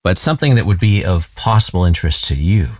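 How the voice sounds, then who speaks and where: A male radio host chatting casually on air, rambling and poking fun at himself. His low voice rises and falls in lively swings as he talks. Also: quick pace, no room sound, studio quality. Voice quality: rambling, self-deprecating. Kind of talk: casual chat.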